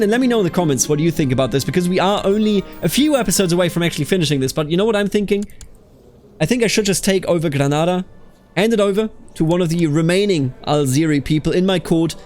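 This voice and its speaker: Animated man, game commentary over music. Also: sits high. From Bavaria. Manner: animated, exasperated outbursts, calls people dude. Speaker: let's play host.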